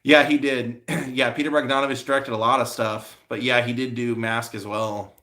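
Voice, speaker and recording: Man, live stream host, casual chat, bright ringing tone, rambling, lots of fillers. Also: mid-range voice, level tone, normal speed. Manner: answers viewer comments.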